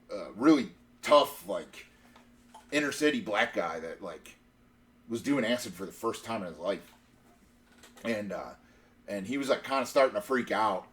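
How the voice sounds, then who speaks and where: A man's voice: mid-range voice, a bit bright. Rambling man telling a story. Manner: rambling, many fillers and restarts. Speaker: podcast host. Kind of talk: casual storytelling.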